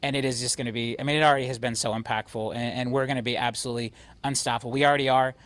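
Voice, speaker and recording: A man leading a company, giving an energetic, emphatic motivational talk to his agents. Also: medium pitch, very fast, dry recording. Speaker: real estate brokerage CEO.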